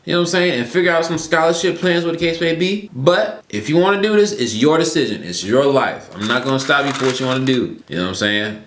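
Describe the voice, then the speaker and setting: A young man from Atlanta telling a story to camera in a casual, slangy, profane way, his voice jumping between loud and low. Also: lively intonation, fast. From Atlanta, Georgia, US. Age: young adult. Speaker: YouTuber. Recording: echoey room.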